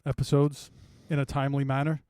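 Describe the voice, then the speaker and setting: A man co-hosting a podcast in casual banter, slow and full of wordplay jokes. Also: mid-range voice, completely flat delivery, a little mellow, clean tone, dry recording. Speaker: podcast co-host.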